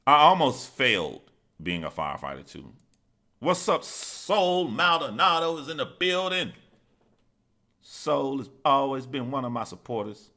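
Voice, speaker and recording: A man's voice: mid-range voice, sing-song, unhurried, bright, forceful tone. A man hosting a live stream, telling stories in a casual, profane, rambling way and reading out viewer chat.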